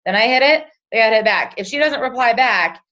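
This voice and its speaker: A woman's voice: fairly high pitch, expressive, fast, bright, forceful tone, dull audio. A woman leading a coaching talk for her team, chatty, acting out sample conversations and checking in with "right?". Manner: chatty, acts out sample chats in quoted voices, often asks "right?". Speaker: team leader coaching a sales team.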